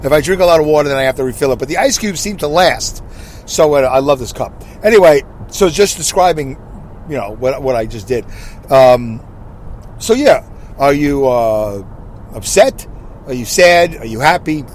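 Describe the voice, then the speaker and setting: A man's voice: mid-range voice, animated, moderate pace, slight background noise. Rambling sixty-year-old man talking while driving. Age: 60s. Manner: rambling, self-correcting, asks listeners questions. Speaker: podcast host. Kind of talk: casual solo podcast monologue. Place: in his car, driving.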